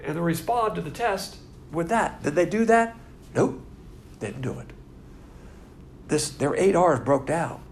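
Blunt, gravelly-voiced male Bible teacher. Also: a little high, expressive, measured pace, long pauses, slight background noise. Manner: blunt, folksy, with wry asides.

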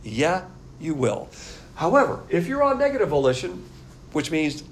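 A man's voice: on the high side, moderate pace, vocal fry, a little hiss or hum. An older man teaching a Bible class as a pastor, blunt and scornful in manner. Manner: blunt, scornful, animated lecturing.

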